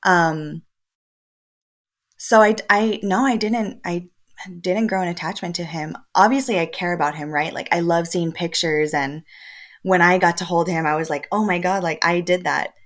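Lower-pitched woman in her twenties, lively storyteller. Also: normal speed. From El Paso, Texas. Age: 20s. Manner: lively, often laughing, acts out quoted dialogue. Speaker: podcast guest. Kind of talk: casual conversational storytelling.

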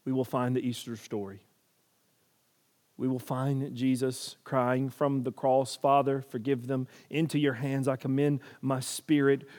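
A man preaches a sermon, telling its story with drama as he swings between hushed lines and booming ones.

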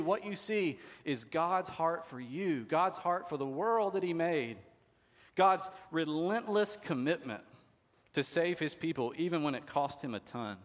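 A man preaching a sermon as pastor, talking conversationally and asking the congregation rhetorical questions. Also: on the high side. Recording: long hall reverb.

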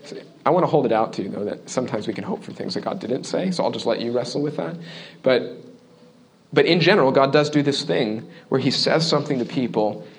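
Man, pastor, sermon, conversational, earnest, mid-pitched voice, quiet asides. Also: lively intonation, brisk. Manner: earnest and conversational, often asking "okay?"; shifts between loud emphasis and quiet, low asides.

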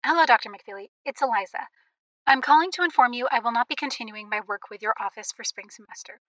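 An actress playing a polite young woman who leaves a brisk voicemail. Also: fairly high pitch, a bit bright, no room sound, lo-fi sound, natural voice. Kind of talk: audio drama voicemail.

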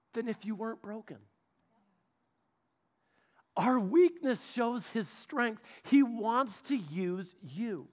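A young man preaching a sermon, telling a personal story and acting out the voices of the people in it, going from loud to hushed. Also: sits high. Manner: animated, acts out quoted voices, shifts from loud to hushed. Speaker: pastor's son preaching.

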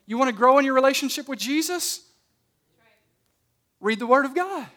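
A pastor preaching a sermon at a church service, emphatic, swinging between loud and soft and repeating words as he starts his phrases. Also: extremely high pitch, expressive, normal speed.

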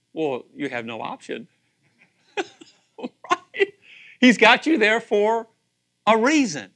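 A middle-aged man preaching a sermon, animated, acting out voices and questioning his listeners. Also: fairly high pitch. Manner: animated, acts out voices, asks audience questions. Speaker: pastor.

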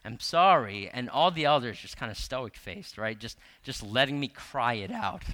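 Male pastor in his thirties, bright and forward tone, chatty sermon storytelling, lots of "um" and asides. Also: mid-range voice, expressive, normal speed. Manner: conversational, many fillers and repeated words, asks the congregation questions.

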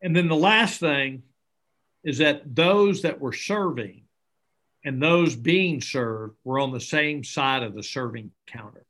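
Middle-aged male interview guest; earnest, lively storyteller, mid-range voice. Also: medium pitch, takes it slowly. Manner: earnest, animated, acts out dialogue. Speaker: interview guest, charity founder. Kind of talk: conversational storytelling.

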